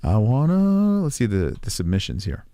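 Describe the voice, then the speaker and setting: A man's voice: mid-range voice, huge pitch swings, moderate pace, dark tone, clean tone, no echo. A man hosting a livestream, chatting casually in a rambling, crude, joking way and reacting to chat messages. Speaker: livestream host.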